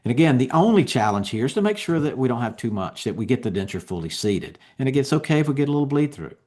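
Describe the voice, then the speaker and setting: A man giving a continuing education lecture on dental technique, explaining each step in a relaxed, conversational way. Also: medium pitch, fast talker.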